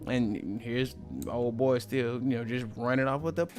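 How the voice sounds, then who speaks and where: Man, mid-pitched voice, laid-back manga recap, slangy and joking, soft music behind. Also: fairly even intonation, a little slow. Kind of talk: casual chapter recap.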